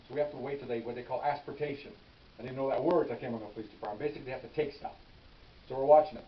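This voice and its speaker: An older man spins police stories at a brisk clip, animated and casual, often restarting phrases and tossing in "okay?". His voice sits back from the mic in a roomy space, with a dull, slightly lo-fi sound and a faint hiss underneath. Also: medium pitch. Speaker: veteran police officer telling stories. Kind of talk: casual storytelling. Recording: echoey room, distant mic, dull and hissy.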